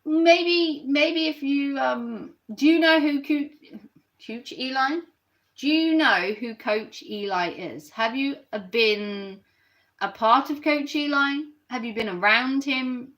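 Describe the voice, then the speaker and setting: A woman's voice: high voice, takes it slowly, a bit bright. A woman ranting on a live stream and reacting to her chat, sarcastic and mocking.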